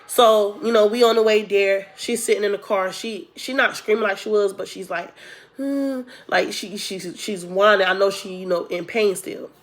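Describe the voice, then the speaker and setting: A woman's voice: medium pitch, flat delivery, moderate pace, hardly any pauses. Chatty young woman telling a story. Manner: chatty, addresses viewers as y'all, acts out quotes. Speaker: storytime vlogger. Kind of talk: casual storytelling to camera.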